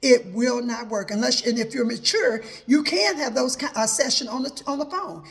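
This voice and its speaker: A woman with a high, bright-pitched voice talks earnestly through her own life story as advice. She keeps quoting what she told people, leaning on repeated "I said" as she goes. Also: normal speed, vocal fry. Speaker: host. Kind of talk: personal advice talk.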